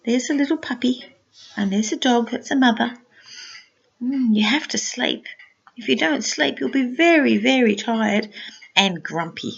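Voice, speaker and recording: An older woman, a grandmother, reading a picture book aloud to a small child in a gentle, sing-song way, with soft asides. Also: a little high, normal speed, vocal fry, slightly rough, highs cut off.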